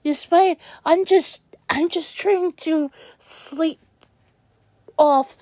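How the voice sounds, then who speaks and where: Slow, high-voiced young woman venting. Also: darkish tone, dry recording. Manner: upset, halting, restarts sentences often. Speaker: vlogger. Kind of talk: venting monologue.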